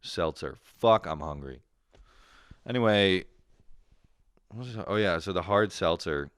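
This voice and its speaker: A man's voice: low-pitched, animated, a little slow, fairly bright tone, smooth. A young man hosting a casual solo podcast, swearing, laughing and mocking others in impressions. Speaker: podcast host.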